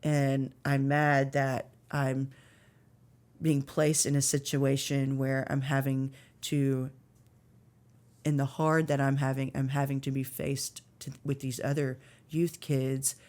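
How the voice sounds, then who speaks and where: A woman's voice: a bass voice, flat delivery, slow, darkish tone. A woman in her thirties telling an earnest, emotional story of faith and struggle as a podcast guest, with many fillers. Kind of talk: personal faith testimony.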